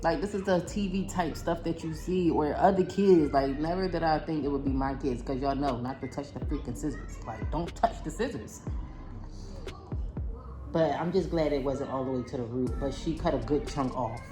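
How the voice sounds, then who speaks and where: A young woman talks straight to her camera at home, exasperated and close to tears. Her tone is casual and venting, and she keeps calling her viewers "y'all." Soft music plays faintly underneath. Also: low voice, moderate pace. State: upset, near tears. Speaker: vlogger, mother. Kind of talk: casual vlog talk to camera. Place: home, indoors.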